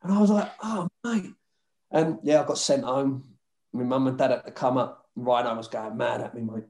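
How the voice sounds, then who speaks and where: Brisk and medium-pitched, his voice is creaky and a little mellow. As a former footballer guest in a casual chat, he tells rowdy stories about his football days, swearing a lot, laughing often, and mimicking others.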